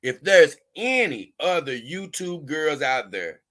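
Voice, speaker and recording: A man's voice: on the high side, very animated, slow pace, fairly bright tone. A man hosting a casual livestream, reading viewer comments and rambling on in loose, with chuckling asides. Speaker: livestream host.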